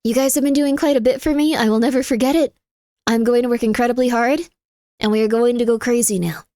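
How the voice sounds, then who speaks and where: A woman's voice: on the high side, fairly even intonation, fast, warm tone, no room sound, studio quality. A young adult woman streamer in casual chat, joking around and thanking her viewers. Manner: chatty and jokey, thanks viewers by name. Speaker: livestreamer.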